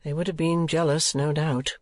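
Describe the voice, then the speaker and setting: A man gives voice to a courteous, earnest young gentleman in a storybook reading, speaking in a measured, polite way. The voice sits a little high and sounds close and dry. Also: level tone, no echo, natural voice.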